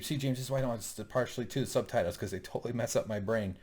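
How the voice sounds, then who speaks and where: A man co-hosting a TV recap show in casual chat, rambling and jokey, with lots of fillers and quick laughs. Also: medium pitch, darkish tone, husky.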